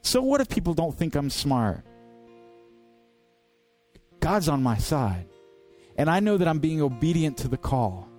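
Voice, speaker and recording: A man's voice: on the high side, big pitch swings, a little slow, pauses often, darkish tone, soft background music. A man preaching a sermon as pastor, earnest and direct, driving points home with rhetorical questions.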